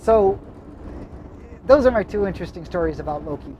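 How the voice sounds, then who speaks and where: A man's voice: high-pitched, animated, brisk, dull audio, noisy background. Man telling stories on a drive. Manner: rambling, self-correcting anecdotes. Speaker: vlog host. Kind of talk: casual storytelling chat. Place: inside a moving vehicle.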